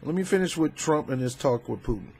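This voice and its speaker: Fervent husky-voiced man ranting. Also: fairly high pitch, lively intonation, quick pace. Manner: fervent, preachy, colloquial, with loud emphatic outbursts. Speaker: YouTube commentator. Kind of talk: casual political commentary vlog.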